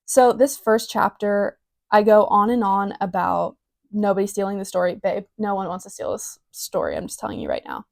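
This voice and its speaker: Young woman podcaster, wry and teasing, lots of ums, dry close sound, medium pitch. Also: sing-song, normal speed, gravelly, no echo. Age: young adult. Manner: wry, teasing self-mockery; filler-heavy, loose delivery. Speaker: podcast host. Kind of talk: casual reading with commentary.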